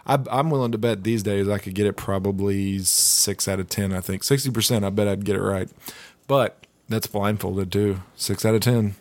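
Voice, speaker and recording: A man's voice: on the low side, steady tone, normal speed, darkish tone, dry recording. A man chatting casually as co-host, loose and profane, with laughing asides. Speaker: podcast co-host. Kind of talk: casual chat.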